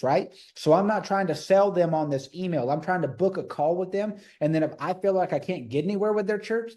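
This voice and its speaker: A man coaching a live call on sales, talking energetically and acting out the pitches he makes to customers. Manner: energetic, emphatic, repeats phrases.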